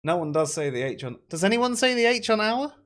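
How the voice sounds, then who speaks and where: A man's voice: sits high, sing-song, brisk, fairly bright tone. A man hosting a casual chat, rambling and swearing freely. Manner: rambling, swears, laughs often.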